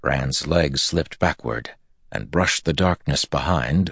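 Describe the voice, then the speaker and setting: A man narrating a fantasy novel in a steady, measured audiobook reading. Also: rumbling low, vocal fry, breathy edge, dry recording, studio quality.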